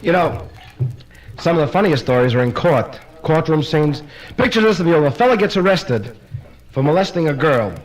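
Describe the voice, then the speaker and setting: High-voiced man telling stand-up jokes. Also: lively intonation, muffled recording. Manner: rapid run-on storytelling with "he says, she says". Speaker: stand-up comedian. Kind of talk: live stand-up joke telling. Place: live party performance.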